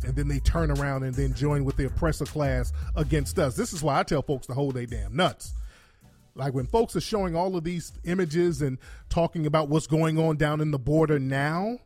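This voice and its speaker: A man hosting a commentary show, delivering a blunt, profane, emphatic opinion monologue and mocking others in high falsetto voices. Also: darkish tone.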